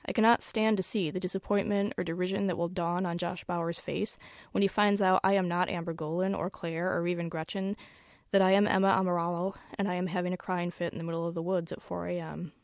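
A woman author reading her own first-person story aloud in a wry, measured storytelling manner. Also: on the low side, level tone, dry recording, studio quality.

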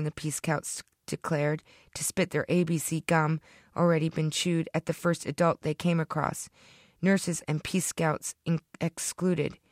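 A woman reading her own short story aloud in a deadpan storytelling manner, close to the microphone. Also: low voice, no echo. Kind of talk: fiction reading.

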